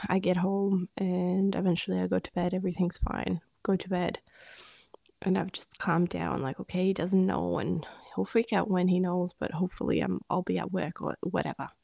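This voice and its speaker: A woman co-hosting a podcast, telling a personal story in a candid, rambling way and often dropping into a hushed voice. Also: lowish voice, moderate pace, gravelly, dry recording. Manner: candid, rambling, drops into hushed whispers when retelling. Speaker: podcast co-host. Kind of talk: casual storytelling chat.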